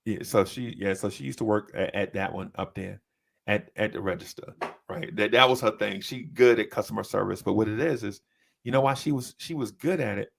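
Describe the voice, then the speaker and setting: A man telling a story in casual chat, animated and often breaking into high voices to mimic people. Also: brisk, vocal fry. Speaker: podcast co-host.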